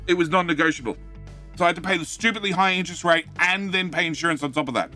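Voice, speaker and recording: A man's voice: fairly high pitch, fast talker, sharp tone, faint music behind. A middle-aged man from Australia with a light Australian accent, chatting casually and self-mockingly on a game live stream, answering chat with many fillers and restarts. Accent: Australian, though light. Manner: rambling, self-mocking, reads chat aloud.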